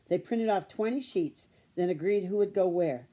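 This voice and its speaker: A woman reading a children's chapter book aloud in a steady storytelling manner. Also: on the low side, normal speed. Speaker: storybook reader.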